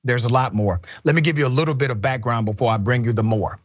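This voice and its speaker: A man's voice: mid-range voice, quick pace, no echo, dull audio. A man hosting a news commentary show, stressing his points by repeating them.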